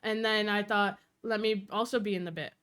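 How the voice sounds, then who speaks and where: A young woman streamer chatting casually on a live stream, telling stories quickly, swearing, and acting out quoted voices. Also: medium pitch, fairly even intonation, a bit bright, clear, resonant tone.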